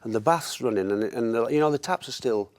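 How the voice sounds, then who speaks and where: A man, a former footballer telling anecdotes in lively chat, often laughing at his own stories. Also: medium pitch, brisk, no room sound.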